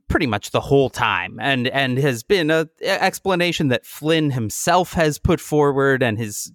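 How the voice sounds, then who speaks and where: A man's voice: medium pitch, dry recording, clean studio sound. A man in casual chat, sarcastic and profane, acting out the people he talks about in comic voices. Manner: animated, acts out quoted people in comic voices.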